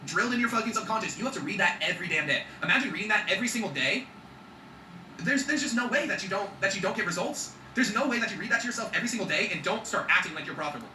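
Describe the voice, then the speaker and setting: Fast-talking, bright-voiced motivational man. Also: high-pitched, expressive, roomy sound, recorded from a distance, slight background noise, poor audio. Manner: emphatic, swears freely, keeps checking in with "okay?". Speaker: vlogger. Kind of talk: motivational vlog talk.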